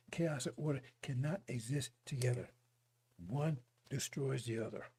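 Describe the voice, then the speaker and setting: Husky, gravelly male preacher. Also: medium pitch, a little mellow. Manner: mocking, fiery preaching; chuckles between points. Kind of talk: broadcast sermon.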